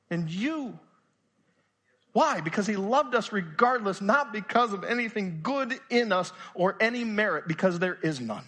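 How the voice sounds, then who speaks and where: Earnest pastor with a high voice. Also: male voice. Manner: earnest, questioning, often drops to a quiet, intense tone. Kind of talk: sermon. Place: church.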